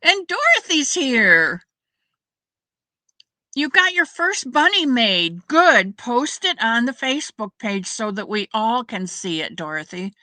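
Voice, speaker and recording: Middle-aged woman, rambling casual chat, crafting stream host, bright clear tone, dry close mic. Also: a little high, very animated, takes it slowly, no room sound. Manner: rambling, chatty, greets viewers by name. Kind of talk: casual chat with live viewers.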